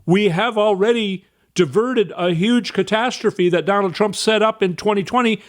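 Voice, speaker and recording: A man's voice: high voice, normal speed. A man delivering an indignant political commentary monologue, emphatic, with sudden raised outbursts.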